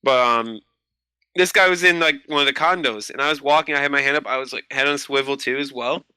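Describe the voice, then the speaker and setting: A man in his twenties, a podcast guest in casual chat, telling animated stories and swearing freely. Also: mid-range voice, fairly quick, smooth, no room sound.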